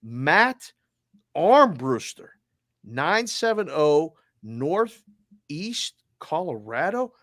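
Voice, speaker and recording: A man with a Boston accent hosting a sports talk show, running through listener names and places with energetic, casual shout-outs. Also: on the high side, very slow, no echo, studio quality. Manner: energetic, shout-outs with area codes and towns. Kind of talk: roll call of listeners, casual.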